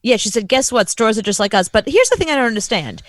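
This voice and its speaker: A woman co-hosting a casual podcast chat, animated and quick to laugh. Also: a little high, no room sound. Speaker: co-host.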